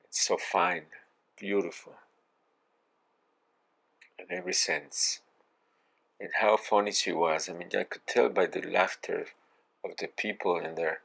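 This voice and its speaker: A man's voice: low-pitched, gravelly, a bit bright, rough recording. A man hosting a reaction video, talking in a casual, effusive way and searching for words as he gushes over a performance, sounding moved and a little teary.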